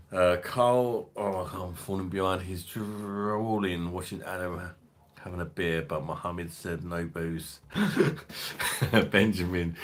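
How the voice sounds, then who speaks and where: Deep bloke on a beer stream, rambly, swears a lot, reads chat. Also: male voice, a bit bright. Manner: swears freely, rambling, laughs often. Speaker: beer review channel host. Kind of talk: casual livestream chat reading viewer comments.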